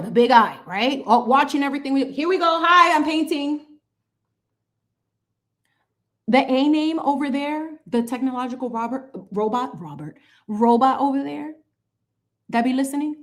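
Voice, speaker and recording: A woman chatting sassily and playfully while she paints on a livestream, mixing in bits of Spanish. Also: high voice. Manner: animated, sassy, playful with lots of asides. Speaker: channel host painting on a livestream.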